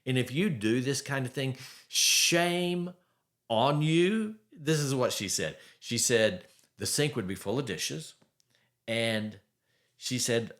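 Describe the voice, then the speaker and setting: A man delivers a faith-based marriage advice monologue at a deliberate, unhurried pace. His voice sits in an ordinary middle register. He leans hard on key words and lets the odd wry chuckle slip in. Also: medium pitch, lively intonation, fairly bright tone. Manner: emphatic, conversational, with wry chuckles. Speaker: podcast host.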